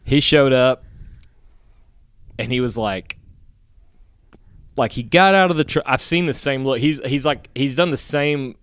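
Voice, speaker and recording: A man tells a story in loose, profane chat, rambling and getting animated when he quotes people. His voice is smooth and resonant, recorded close and dry with no room sound. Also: medium pitch, measured pace, pauses often, no room sound. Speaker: podcast co-host telling a story.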